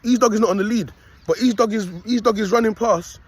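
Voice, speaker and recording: A young man with a high, husky voice talks fairly quickly as he films himself on his phone outside while walking his dog. Styling himself a prophet vlogger, he delivers a rambling, preachy monologue and keeps dropping in "you get me" and "people."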